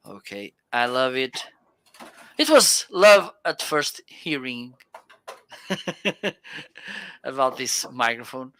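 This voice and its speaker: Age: adult. Sex: man. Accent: Portuguese. Style: unhurried, bright, smooth live product review. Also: medium pitch, no room sound. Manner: enthusiastic, frequent "okay?" check-ins. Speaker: livestream co-host. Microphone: close studio dynamic mic.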